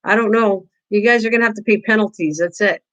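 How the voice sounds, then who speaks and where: A woman's voice: mid-range voice, fast, fairly bright tone, highs cut off. An older woman hosting a casual live-stream craft tutorial, chatting with viewers, teasing them and laughing often.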